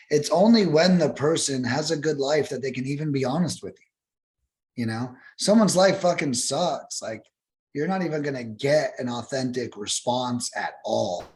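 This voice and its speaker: A young adult man speaking casually as a podcast guest, animated and profane, acting out callers in high voices. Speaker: guest, cold calling expert.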